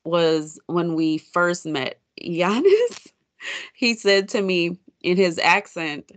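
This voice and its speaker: A woman guest in a casual chat, unhurried and giggly with many fillers. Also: on the low side, expressive, dry recording.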